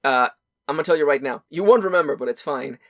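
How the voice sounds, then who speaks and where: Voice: mid-range voice, fast talker, no room sound. A podcast co-host in casual chat, rambling and restarting often, with casual swearing.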